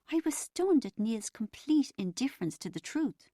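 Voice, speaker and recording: A woman's voice: a little high, moderate pace, few pauses, no room sound. Give me a woman narrating an audiobook expressively, with a dry, close sound. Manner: expressive storytelling.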